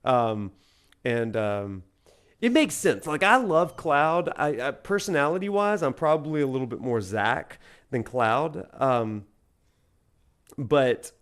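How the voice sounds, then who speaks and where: Brief: man from Alabama, game streamer and professor, rambling casual chat with viewers, mid-pitched voice. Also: lively intonation, slow pace, fairly bright tone, clean tone. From Alabama, USA. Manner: rambling and chatty, answers chat with frequent fillers.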